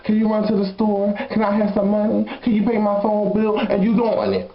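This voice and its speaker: A man's voice: sits high, flat delivery, a little fast, a crowd in the background. A man voicing a sassy, blunt young woman who frankly tells a comic dating confession and laughs between lines. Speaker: storyteller. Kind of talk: comedic confession monologue. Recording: roomy, slightly dull recording.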